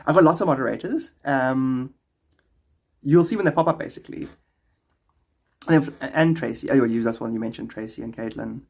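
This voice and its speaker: South African male streamer, husky and rough-edged, casual and rambling, reads chat aloud. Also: medium pitch, normal speed, pauses often, a little mellow. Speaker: livestreamer.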